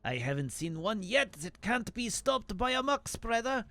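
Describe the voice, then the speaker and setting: A man's voice: high-pitched, sing-song, pushed and bright, pitched above the performer's own voice, exaggerated voice. A man putting on a huffy mock-French wine snob. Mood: defiant. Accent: mock French accent. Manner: theatrical, exaggerated, slow read-aloud.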